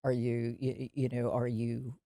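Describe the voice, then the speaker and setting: A woman's voice: extremely low pitch, little pitch movement, normal speed, warm tone, dry recording, studio quality. A middle-aged Canadian woman co-hosting a podcast, laughing often and restarting her sentences. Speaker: podcast co-host. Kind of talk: casual chat.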